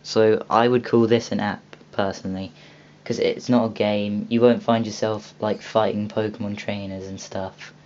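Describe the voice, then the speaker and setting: A man's voice: fairly low pitch, level tone, moderate pace, hardly any pauses, a little mellow. A young man hosting a casual video walkthrough of a game store, rambling with many ums and restarts. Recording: dull lo-fi home recording with faint hiss.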